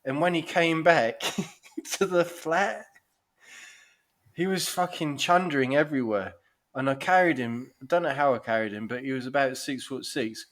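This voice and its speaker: A man's voice: medium pitch, normal speed, fairly bright tone. Sweary man telling uni stories. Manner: sweary, laughs through his stories. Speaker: podcast co-host. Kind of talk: casual banter.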